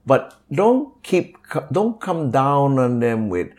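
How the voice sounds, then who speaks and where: An older man from Hawaii speaks with a Hawaiian Pidgin-inflected accent. His pitch swings widely as he tells stories and acts out what others said. His voice sits at a middle pitch for a man. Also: unhurried, few pauses. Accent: Hawaiian Pidgin-inflected English. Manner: animated, acts out quoted voices, many fillers. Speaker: guest, kapa maker. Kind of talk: storytelling interview.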